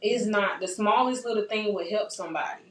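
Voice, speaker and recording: A woman's voice: mid-range voice, a little fast. Earnest young woman in a roomy space. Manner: earnest, encouraging, repeats herself for emphasis. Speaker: podcast host. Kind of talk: casual chat. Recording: roomy sound from a distant mic.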